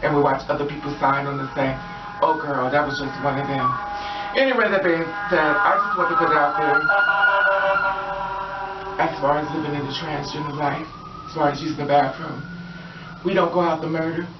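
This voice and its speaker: A woman's voice: sits low, a little fast, pauses often, loud music behind the voice. Earnest woman, far from the mic. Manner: earnest and emphatic, with repeated phrases. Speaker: storyteller. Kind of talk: impassioned spoken monologue. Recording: distant echoey dull noisy recording.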